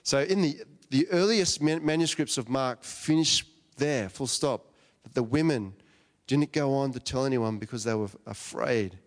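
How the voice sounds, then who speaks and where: A man's voice: medium pitch, moderate pace. A man giving a conversational sermon, retelling a story and asking his listeners questions. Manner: chatty, asks the listeners questions. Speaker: preacher. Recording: long hall reverb.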